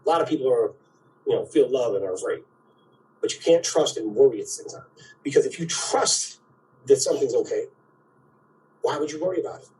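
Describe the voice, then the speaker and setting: A man's voice: medium pitch, animated, brisk, long pauses, darkish tone. Man giving a spiritual talk, distant mic. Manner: keeps asking "right?", acts out quoted voices.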